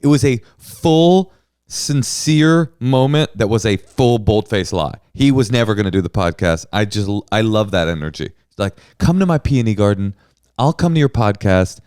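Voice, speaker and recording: A middle-aged man co-hosts a comedy podcast, telling stories with animation and acting out the people he quotes in casual comedic chat. His voice is lowish, clear and resonant, at a normal speed. The sound is dry and of studio quality.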